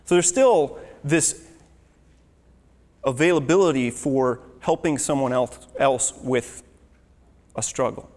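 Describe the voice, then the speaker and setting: A man's voice: mid-range voice, slow, pauses often, a little mellow. A man preaching a sermon, earnest and teaching, with scripture read aloud. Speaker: pastor. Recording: long hall reverb.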